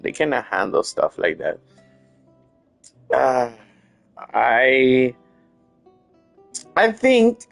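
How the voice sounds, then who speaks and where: A man giving casual gameplay commentary, rambling and halting with frequent restarts. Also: medium pitch, gravelly. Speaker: gaming channel host.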